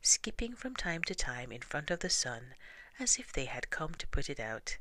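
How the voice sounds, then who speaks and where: A man narrating a children's storybook slowly and softly, often sinking to a whisper. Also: medium pitch, sing-song, no room sound. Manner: slow and soft, often hushed to a whisper. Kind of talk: storybook reading.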